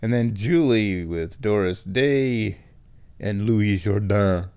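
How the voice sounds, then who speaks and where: A man hosting a show on his own, thinking aloud in an excitable, self-mocking ramble. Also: lowish voice, slow, clear, resonant tone. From United States. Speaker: podcast host. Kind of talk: rambling solo chat.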